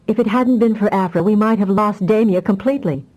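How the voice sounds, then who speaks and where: A woman's voice: medium pitch, fairly quick, darkish tone, pitched above the performer's own voice, lightly acted, low-quality recording. A woman reading an audiobook voices an anxious adult telepathic mother who talks in a distressed, pleading way. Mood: distraught.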